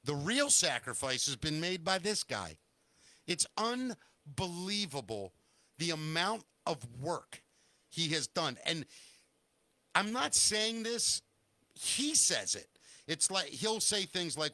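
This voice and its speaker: A man's voice: on the high side, big pitch swings, slow pace, pushed and bright, dry recording. A man hosting a live talk show, speaking earnestly and rambling, often correcting himself mid-sentence.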